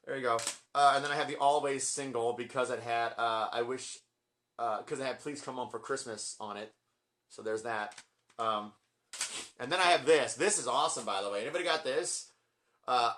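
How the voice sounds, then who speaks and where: Man, forties, bright forceful voice, rambling and gushing, apologetic asides: collection vlogger. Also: mid-range voice, slight background noise. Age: 40s. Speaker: vlogger ranking his album collection. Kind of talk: casual collection vlog.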